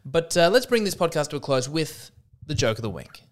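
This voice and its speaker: A man's voice: a little high, very animated, brisk. A man hosting his own podcast alone, talking casually with a self-deprecating, rambling manner and many fillers. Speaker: podcast host. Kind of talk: casual solo podcast monologue.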